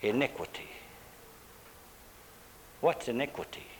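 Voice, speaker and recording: A man preaching a sermon, stressing words with drawn-out pauses and dramatic emphasis. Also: mid-range voice, lively intonation, slight background noise, low-quality recording. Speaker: pastor.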